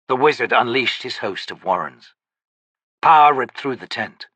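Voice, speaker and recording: Reading a fantasy audiobook, a man uses a bright, husky, mid-range voice with a lively, expressive melody. He tells the story in a measured way, and the close, dry recording has no echo.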